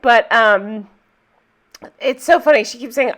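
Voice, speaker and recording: A woman's voice: mid-range voice, expressive, normal speed, fairly bright tone. A woman casually recapping a film scene by scene in a chatty, enthusiastic way, laughing easily as she goes. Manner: chatty, giggly, enthusiastic retelling. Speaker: movie recap host.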